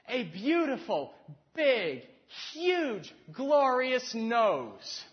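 A man voicing an adoring young woman who gushes over her lover in a high, loud, drawn-out voice. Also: very animated, highs cut off, full character voice. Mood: adoring, gushing.

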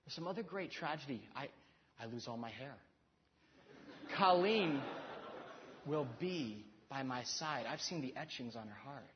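A man's voice: mid-range voice, lively intonation, measured pace, pauses often, highs cut off, slight background noise. A man in his thirties giving a heartfelt talk on marriage, earnest and self-deprecating, stumbling into restarts. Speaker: speaker to married couples.

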